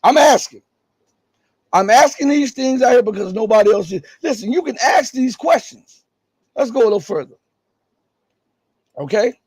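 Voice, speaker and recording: A middle-aged man with a scratchy, raspy voice, giving emphatic live news commentary full of rhetorical questions. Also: very high-pitched, lively intonation, moderate pace, pauses often, a little mellow, no room sound.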